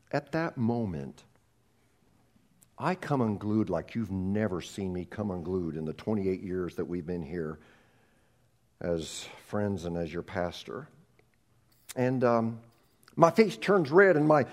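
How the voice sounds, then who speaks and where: A middle-aged male pastor preaching a sermon, telling a story with animated delivery and frequent restarts. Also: mid-range voice.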